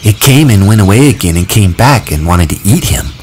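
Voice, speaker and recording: A man's voice: fairly low pitch, big pitch swings, a little fast, a little mellow, a little hiss or hum. A man voicing an anxious, earnest boy who insistently relays a frightened child's words in a storybook reading.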